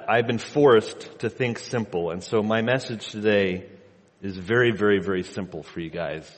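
A man in his thirties preaching a sermon in a church sanctuary, telling a relaxed story and often repeating himself. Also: lowish voice, in a large hall. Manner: conversational storytelling, repeats words. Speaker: pastor.

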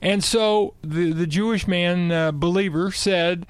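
Man, high pitch, smooth clear voice, emphatic, explaining scripture in a chat. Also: fairly even intonation, unhurried, no echo. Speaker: Bible teacher guest. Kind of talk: conversational Bible teaching.

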